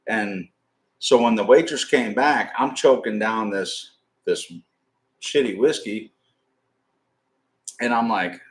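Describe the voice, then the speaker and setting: Guy telling a long cussing story on his live stream, kinda low voice, rambling and animated. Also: moderate pace.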